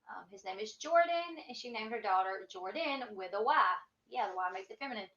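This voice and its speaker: A woman's voice: medium pitch, expressive, brisk, a bit bright. Southern woman in her 30s, twangy, just rambling on a casual livestream, kinda muffled lo-fi audio. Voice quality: country twang, rambling with fillers. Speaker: YouTube host. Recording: dull lo-fi sound.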